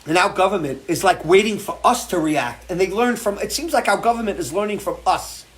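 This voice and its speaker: A middle-aged man hosts a live show from his porch, with a voice that sits slightly high. He talks bluntly and swears a lot. His emotional rant keeps pushing forward. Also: fairly quick. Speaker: show host. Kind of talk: impassioned live-stream rant. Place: porch, outdoors.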